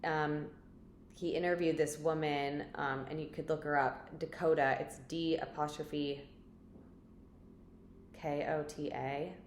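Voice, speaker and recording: Low-voiced chatty woman vlogger. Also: little pitch movement, slow pace, long pauses. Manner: chatty and rambling, many "like" fillers. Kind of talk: casual storytelling to camera. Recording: echoey room with faint background noise.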